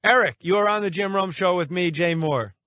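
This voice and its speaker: A man's voice: high-pitched, a little fast, pushed and bright. A man guest-hosting a sports talk radio show, brash and mocking as he fires insults back at a caller from the studio.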